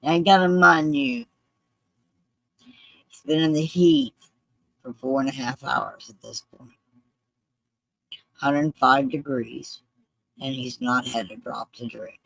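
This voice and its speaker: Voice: medium pitch, slow pace, pauses often, fairly bright tone, rough recording. A speaker earnestly retelling a personal story with quoted voices.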